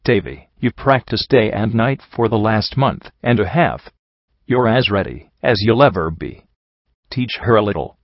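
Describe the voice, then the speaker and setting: A man's voice: on the low side, expressive, a little slow, no echo, lo-fi sound. A man voicing a brash young mare DJ who talks in a casual, cocky, teasing way. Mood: coaxing.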